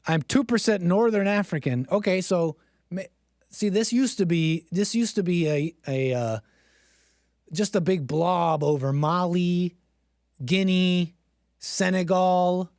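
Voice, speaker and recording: A man's voice: high voice, slow, darkish tone, no echo, clean studio sound. A man hosting a livestream, joking and self-mocking as he talks to his chat. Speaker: streamer host. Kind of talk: casual livestream monologue.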